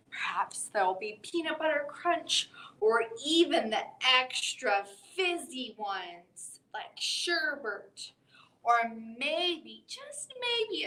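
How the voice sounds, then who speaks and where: Bright, unhurried woman reading a bedtime story. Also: sits high. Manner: expressive storybook voice, wide swings for effect. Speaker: library storytime host. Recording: echoey room.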